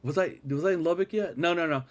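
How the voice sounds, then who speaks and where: A man in his forties from Texas, a podcast guest telling stories in an animated, laughing way. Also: fairly high pitch, fast. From Texas, United States. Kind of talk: casual storytelling chat.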